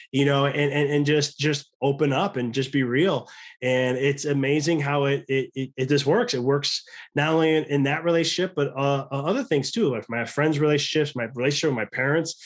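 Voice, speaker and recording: A man's voice: a little high, fairly quick. A man in his thirties, a guest on a podcast, talking casually and earnestly, with many restarts and quoted self-talk. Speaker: podcast guest, chiropractor and coach.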